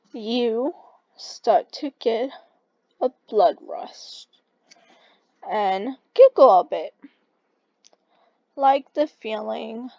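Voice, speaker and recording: Woman story reader, slightly high voice, very slow halting delivery, muffled dry home recording. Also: mellow, no room sound. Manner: halting, stumbling reading with restarts. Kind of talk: reading a second-person fan story aloud.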